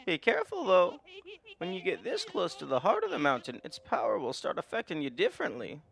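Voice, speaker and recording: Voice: mid-range voice, huge pitch swings, a little fast, gravelly, fairly bright tone, exaggerated voice. A streamer reading game dialogue aloud in a put-on old granny voice, folksy and cautionary, over faint game music. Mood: warning. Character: kindly teasing old granny guide. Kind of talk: voicing game dialogue while playing.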